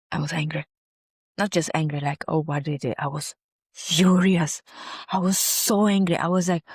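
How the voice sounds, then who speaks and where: A woman in her forties talks straight to the camera in a casual health vlog. Her voice sits a little low, and the sound is dry and close. She tells her story in an emphatic, earnest way, and her phrasing is slightly non-native. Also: no echo. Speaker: health video host.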